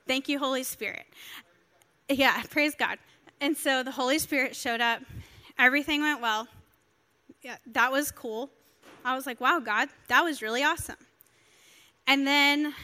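A woman pastor, preaching a sermon and telling her story with animated, emotional delivery. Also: on the high side, clean tone. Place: church.

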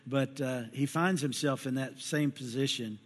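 Middle-aged pastor preaching in a hall. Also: male voice, mid-range voice, moderate pace, breathy edge. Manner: folksy storyteller acting out voices. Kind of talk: sermon with personal stories. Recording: long hall reverb.

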